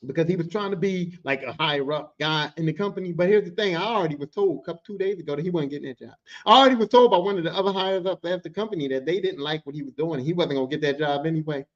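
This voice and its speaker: A podcast host tells a workplace story in casual, profane language, animatedly acting out the voices of the people involved. His voice is on the high side and races along with hardly any pauses. The sound is dull and lo-fi.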